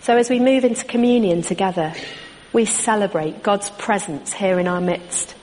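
A woman preacher delivering a sermon in a church, with a measured, repetitive preaching cadence. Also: mid-range voice, darkish tone, a little hiss or hum. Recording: long hall reverb.

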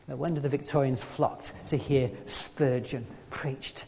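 A man preaching a sermon, emphatic, repeating key phrases and slowing down to read quotations. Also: mid-range voice, steady tone, creaky, a little mellow. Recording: dull lo-fi sound with long hall reverb.

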